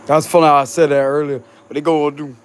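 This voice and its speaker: A man with a Cajun accent and a fairly high, level voice talks quickly, with a little hiss or hum in the audio. He's a tarot reader chatting casually and rambling with his supporters outdoors on a hot night, laid-back, laughing a lot and swearing freely.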